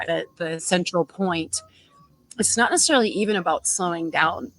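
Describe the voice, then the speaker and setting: A woman talking as a podcast guest in a reflective, measured way. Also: on the low side, low-quality recording. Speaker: podcast guest, personal trainer. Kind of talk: casual podcast chat.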